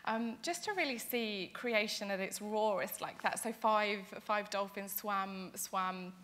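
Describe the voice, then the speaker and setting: A woman's voice: mid-range voice, a little slow, fairly bright tone. A young woman, an interview guest, telling her story in an earnest, eager way, with many fillers and restarts. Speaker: interview guest, charity founder.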